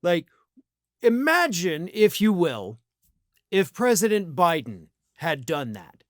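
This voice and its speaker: Guy ranting about politics, pretty high voice, dry close sound, scornful and pushy. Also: sing-song, slow, no room sound. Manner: scornful, emphatic, with scattered restarts. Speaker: political commentary host. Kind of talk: political commentary monologue.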